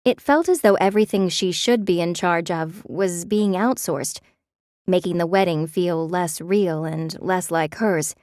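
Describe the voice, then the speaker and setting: A woman narrating a romance audiobook in a measured, expressive way. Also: lowish voice, dry recording, studio quality.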